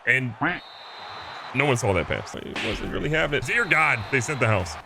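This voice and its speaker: A young man giving excited, joking commentary over a football video game, jumping to sudden high yelps when a play goes wrong. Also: normal speed, vocal fry, noisy background. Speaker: gaming YouTuber.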